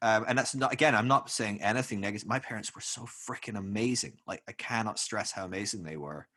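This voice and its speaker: A man in a casual podcast conversation, speaking candidly and haltingly with lots of fillers. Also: lowish voice, pushed and bright.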